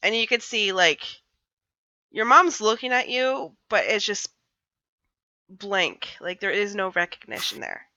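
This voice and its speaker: A woman narrating as game master of a tabletop game, relaxed and hesitant with fillers. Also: medium pitch, unhurried, gravelly, long pauses, no room sound, highs cut off.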